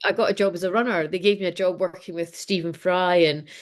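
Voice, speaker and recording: A woman's voice: lowish voice, steady tone, fast talker. A middle-aged Scottish woman, a podcast guest, telling stories in a chatty, self-mocking way and laughing often. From Scotland. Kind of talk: casual podcast interview.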